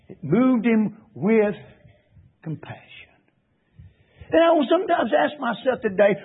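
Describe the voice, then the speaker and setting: A preacher with a strikingly high, husky male voice fires impassioned rhetorical questions at his congregation. The audio is thin and tinny, as if heard over a phone line. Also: sing-song, a little slow, long pauses. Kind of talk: sermon. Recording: tinny phone-like radio broadcast.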